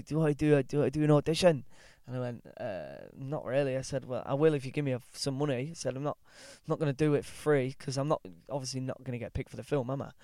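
A man's voice: medium pitch, darkish tone, no room sound. Rambling young Englishman, dry sound. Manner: rambling, full of ums and restarts, laughs easily; swears casually. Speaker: guest actor. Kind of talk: casual chat.

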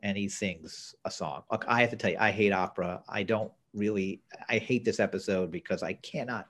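A man's voice: fairly low pitch, fairly quick, fairly bright tone. A man co-hosting a podcast, recapping a TV episode in casual chat with blunt opinions. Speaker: podcast co-host.

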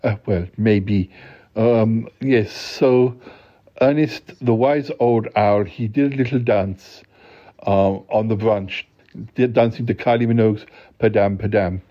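A man hosting a podcast who tells a comic bedtime story in a deadpan, rambling way, full of halting restarts. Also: on the low side. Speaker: podcast host. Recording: dull lo-fi recording.

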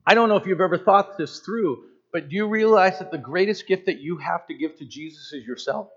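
A pastor in his fifties preaching a sermon in an animated, conversational way with joking asides. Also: sits high, fairly quick, hardly any pauses. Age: 50s. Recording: slightly dull lo-fi sound.

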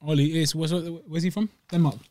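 A man's voice: fairly high pitch, steady tone, moderate pace, dark tone, no echo. A young man co-hosting a podcast, playful and slangy, jumping in with quips. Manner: playful, slangy, interrupting with bits. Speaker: podcast co-host. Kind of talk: casual chat.

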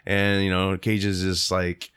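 A man casually pitching a silly movie plot on a comedy podcast, rambling with lots of fillers. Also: monotone, measured pace, fairly bright tone, smooth, no room sound, studio quality. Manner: rambling storyteller with many fillers, briefly mimics characters.

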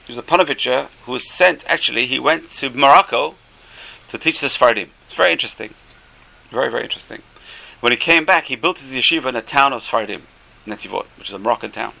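A middle-aged or older man, a rabbi teaching a class, tells stories in an animated way with many rhetorical questions. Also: mid-range voice, vocal fry. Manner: animated, rhetorical questions, stretches key phrases. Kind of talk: Torah class storytelling.

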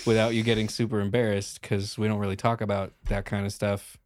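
A man's voice: on the low side, little pitch movement, brisk, darkish tone, dry recording, studio quality. A man playing a tabletop role-playing game, talking in character, exasperated, swearing and laughing often. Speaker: player.

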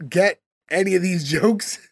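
A man's voice: sits high, unhurried, husky, no room sound, clean studio sound. A man hosting a casual podcast, recapping scenes and asking puzzled questions. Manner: puzzled, questioning, many "like" fillers. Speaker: podcast host. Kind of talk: casual chat, recapping an episode.

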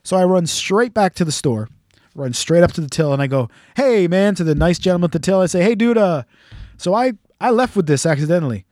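A man's voice: on the high side, lively intonation, fast, darkish tone, no echo, studio quality. A man hosting a casual chat, telling a rambling, profane, jokey story. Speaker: podcast host.

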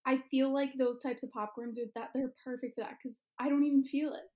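A woman's voice: sits high, fairly even intonation, brisk, a little mellow. A young woman co-hosting a podcast in casual chat, rambling with lots of fillers while eating. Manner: chatty, filler-heavy, laughs often. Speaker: podcast co-host.

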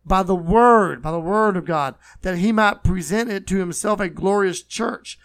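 High-pitched guy preaching, earnest, repeats himself, dry close sound. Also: no room sound. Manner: earnest, repeats phrases, slows for emphasis. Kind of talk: sermon.

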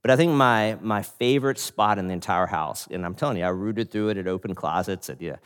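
A man preaching a sermon as a pastor, telling stories in an animated way with laughs and frequent restarts. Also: lowish voice, a little fast, clean tone. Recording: long hall reverb.

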